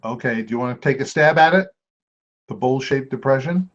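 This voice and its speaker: A man hosting a trivia quiz, reading clues aloud and repeating each one slowly. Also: medium pitch, fairly bright tone. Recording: dull lo-fi amateur recording.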